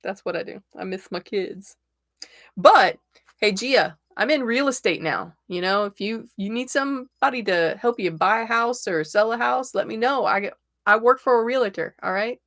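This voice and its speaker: A woman's voice: on the high side, moderate pace, fairly bright tone, no echo, clean studio sound. A middle-aged woman from Florida, a tarot reader chatting casually on her livestream and laughing often.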